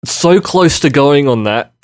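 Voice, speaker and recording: A man's voice: fairly high pitch, expressive, a little slow. A man with a Western Sydney Australian accent, a podcast co-host arguing his point earnestly in casual chat, often restarting sentences.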